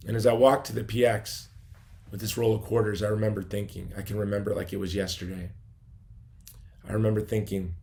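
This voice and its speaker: Middle-aged man from Chicago, low gravelly voice, earnest testimony speech with quiet asides. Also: fairly even intonation, brisk. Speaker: gala speaker.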